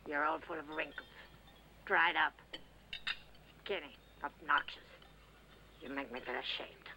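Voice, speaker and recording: An actress playing a sharp-tongued older mother who nags and scolds her grown son, in a dubbed film. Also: low-pitched, huge pitch swings, measured pace, creaky, background noise, exaggerated voice. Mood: scolding. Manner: nagging, scolding.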